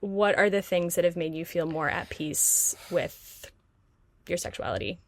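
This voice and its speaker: A woman's voice: fairly low pitch, a little slow. A young adult woman from the United States who hosts a podcast, asking questions and telling stories loosely with frequent laughter. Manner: laughs often, friendly, loose storytelling. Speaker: podcast host. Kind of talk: casual interview chat.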